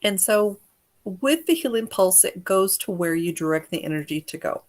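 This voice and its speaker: A woman's voice: mid-range voice, expressive, moderate pace. Chatty American woman hosting a healing stream. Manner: chatty, greets viewers by name, gives gentle instructions. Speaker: energy healer hosting a livestream. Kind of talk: casual livestream chat.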